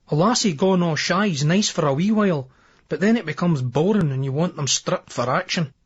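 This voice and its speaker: A man's voice: a little high, breathy edge. A man with a Scottish accent narrating a novel in the first person, in a brash, crude, swaggering voice. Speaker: audiobook narrator. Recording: dull lo-fi remastered old tape.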